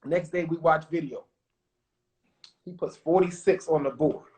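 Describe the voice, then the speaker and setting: A man, a former pro basketball player, telling lively stories as a podcast guest and acting out what people said. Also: on the high side, measured pace. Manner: animated, acts out quotes, confident. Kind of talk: casual storytelling interview.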